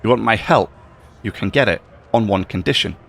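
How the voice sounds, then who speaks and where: Grandiose woman ruler demanding worship, read by a man in a gravelly, lowish voice. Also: animated, a little fast, fairly bright tone, heavily acted. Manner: reads game dialogue aloud in a plain tone.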